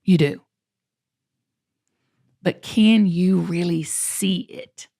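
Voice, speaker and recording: A woman's voice: on the low side, extremely slow, mellow. A woman host, talking earnestly and encouragingly on her show. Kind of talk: podcast conversation.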